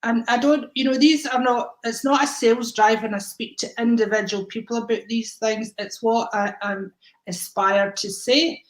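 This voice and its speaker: A woman's voice: a little high, fairly even intonation, moderate pace, roomy sound, low-quality recording. A woman giving psychic readings to viewers on a live stream, affectionate and rambling, calling people darling. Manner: rambling, many ums and restarts.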